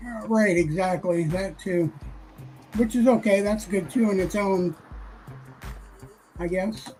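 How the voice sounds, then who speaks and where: A woman's voice: mid-range voice, slow pace, warm tone, faint music behind, low-quality recording. A woman hosting a casual morning chat, talking loosely with many fillers and easy laughs. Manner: chatty, laughs easily, fillers. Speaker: show host.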